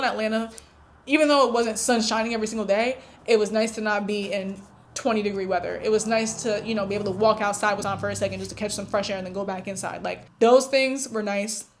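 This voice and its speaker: A young woman talks straight to her viewers, candid and animated as she tells a story. Her voice sits in a middle pitch, and she keeps it casual and unpolished. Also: a little fast. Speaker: vlogger.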